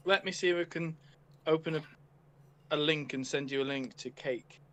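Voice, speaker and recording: A man's voice: fairly high pitch, moderate pace. A man co-hosting a casual podcast chat, rambling and stopping to restart, often breaking into laughter. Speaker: podcast co-host. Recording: faint background noise.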